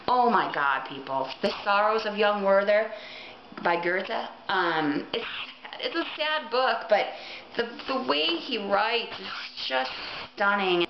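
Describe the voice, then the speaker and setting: A woman's voice: medium pitch, slight background noise. A woman recording a casual vlog, gushing earnestly about books she loves, with plenty of ums. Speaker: book vlogger. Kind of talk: casual book recommendation vlog. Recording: roomy, dull lo-fi webcam audio.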